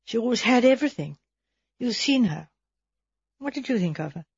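Brief: a woman doing a warm, impulsive young woman, earnest, breathy tone. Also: a little high, lively intonation, dry recording, muffled recording, exaggerated voice. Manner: earnest, halting.

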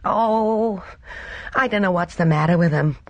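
A reader voicing an impulsive young married woman in a storybook reading, talking in quick exclamations. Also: mid-range voice, sing-song, no echo, highs cut off, pitched above the performer's own voice. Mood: emotional. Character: young woman, emotional, loyal wife.

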